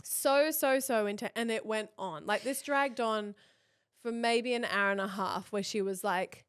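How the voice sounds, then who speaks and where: A woman in her thirties, co-hosting a podcast and telling a story in casual chat, animated and laughing as she acts out what people said. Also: medium pitch, measured pace, smooth. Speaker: podcast co-host.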